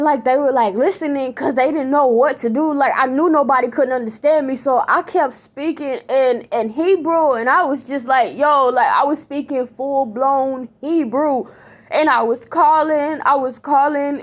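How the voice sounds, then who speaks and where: A shaken woman with a fairly high voice talks straight to her viewers. Her telling is animated and slangy, full of fillers. It is a casual spiritual testimony about a dream. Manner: animated, excited, slangy storytelling with many fillers. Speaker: vlogger recounting a dream.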